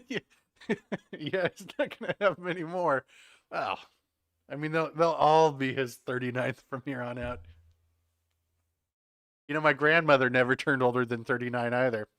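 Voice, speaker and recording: A man's voice: medium pitch, a little slow, long pauses, fairly bright tone, no room sound. A man chatting casually during a live game stream, joking and laughing often between comments.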